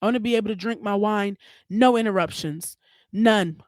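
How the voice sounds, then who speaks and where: A woman's voice: medium pitch, a little fast, dry recording. A young woman hosting her own podcast, talking alone in a candid, emphatic way and swearing freely. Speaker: podcast host. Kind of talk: solo podcast monologue.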